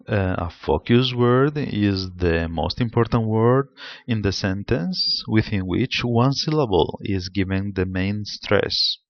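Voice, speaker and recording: Slow, measured Spanish-accented male lecturer. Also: lowish voice, no room sound. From Spain. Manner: slow, deliberate, explanatory delivery. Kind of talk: seminar lecture on pronunciation. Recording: slightly dull lo-fi sound.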